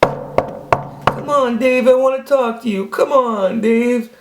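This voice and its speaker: A man voicing a young woman pleading through a door, high-pitched and insistent. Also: takes it slowly, roomy sound, over music. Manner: insistent, wheedling.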